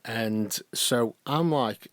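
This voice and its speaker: A man, co-hosting a podcast and telling a story in casual chat, animated and swearing freely. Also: mid-range voice, drawn-out words, no echo. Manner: animated, swears freely, acts out the other people in the conversation. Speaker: podcast co-host.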